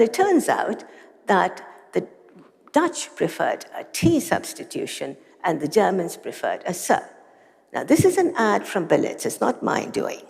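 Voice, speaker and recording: A woman's voice: on the low side, creaky, a little mellow. A woman giving an academic lecture with dry humor and casual asides in a large lecture hall. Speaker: conference lecturer. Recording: long reverb of a lecture hall.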